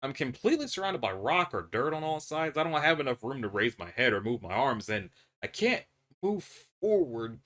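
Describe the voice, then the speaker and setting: A man voicing a panicked young male prisoner trapped in a dark tunnel, pleading and stammering. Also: medium pitch, very animated, normal speed. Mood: scared.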